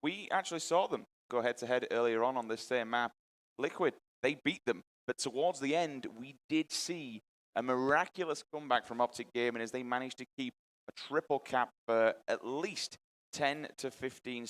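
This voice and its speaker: A man's voice: medium pitch, moderate pace. Guy casting esports live, upbeat play-by-play, pumps up the crowd. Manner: energetic, hypes the crowd. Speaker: esports caster. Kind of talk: play-by-play commentary. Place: live event stage.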